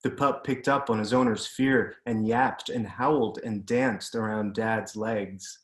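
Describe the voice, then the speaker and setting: Author guy reading his story out slow and careful, video call, echoey room. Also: fairly low pitch, fairly even intonation. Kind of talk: literary reading. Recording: roomy echo.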